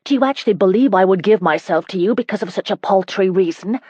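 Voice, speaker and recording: A woman's voice: fast talker, no echo, lo-fi sound, lightly acted. A woman narrator voicing a spirited, indignant young woman in an audiobook, speaking emphatically and sharply. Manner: sharp, emphatic, higher and louder than narration.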